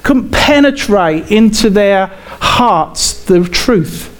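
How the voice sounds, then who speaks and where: A man with an English accent preaching a sermon in a conversational way, halting and often repeating himself. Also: high-pitched, lively intonation. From England.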